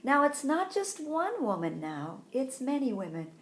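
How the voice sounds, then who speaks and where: Slow, expressive woman telling a story. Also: high-pitched, roomy sound, a little hiss or hum. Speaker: Sunday school teacher. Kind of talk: storytelling lesson for children.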